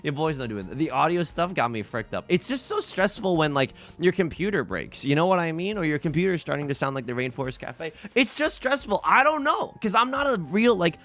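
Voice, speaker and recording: A man with a sore throat, giving excitable, jokey, self-mocking commentary while playing a game for his channel. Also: a little high, a little fast, hardly any pauses. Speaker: let's play host. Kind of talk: casual gameplay commentary.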